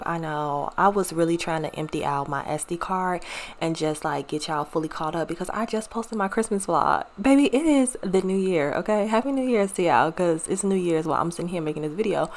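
Sassy chatty woman vlogger, slightly low voice. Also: moderate pace, vocal fry. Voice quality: sassy, chatty, lots of "girl" and "baby". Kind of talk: casual chat to camera. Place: at home, voiceover then sitting at a table.

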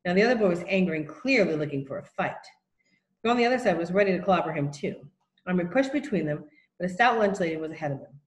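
A woman reading a children's novel aloud as narrator, in a steady, plain storytelling manner. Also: lowish voice, fast. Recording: roomy echo.

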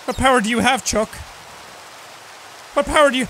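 A man giving excitable let's play commentary, swinging from yelling outbursts to low mutters. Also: brisk, long pauses, a little hiss or hum. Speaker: gameplay commentator.

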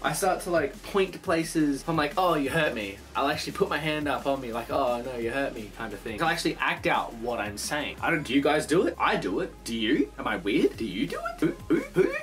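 A young man vlogging from his bedroom in a casual rambling monologue, animated, swearing a lot and acting out the voices of phone calls. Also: a little high, a little fast, few pauses, soft background music.

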